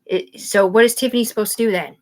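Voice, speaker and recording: A woman's voice: a little high, fast talker, darkish tone, low-quality recording. A woman hosting a livestream from home, ranting in an angry, profane, rambling way. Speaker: livestream host. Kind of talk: live-stream rant.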